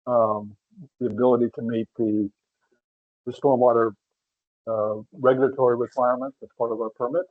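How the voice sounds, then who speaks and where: A man with a husky voice speaks haltingly at a public meeting, stopping to clear his throat. The sound is thin and phone-like, close and dry. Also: mid-range voice, little pitch movement, dry recording.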